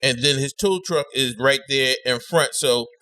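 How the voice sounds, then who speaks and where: A man co-hosting a podcast in casual chat, telling a story in an animated way and jumping into high-pitched voices for the people in it. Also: unhurried. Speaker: podcast co-host.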